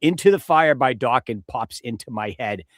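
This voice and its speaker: A man's voice: medium pitch, expressive, moderate pace, fairly bright tone, dry recording, studio quality. A middle-aged man hosting a podcast, talking casually and rambling, swearing and joking at his own expense. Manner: rambling, profane, self-deprecating. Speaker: podcast host. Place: home studio with a close mic.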